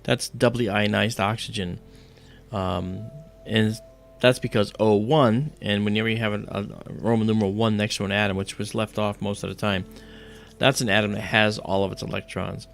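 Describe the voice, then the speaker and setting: A man's voice: on the low side, fairly even intonation, normal speed, creaky, faint music behind. A man hosting an astronomy livestream, explaining things step by step in a loose, casual way.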